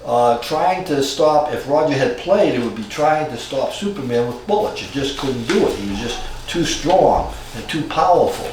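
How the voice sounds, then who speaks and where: A man in his sixties from Cambridge, Massachusetts, telling a personal story in a reflective, halting way with frequent restarts. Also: medium pitch, lively intonation. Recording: very echoey room from far off, faint noise.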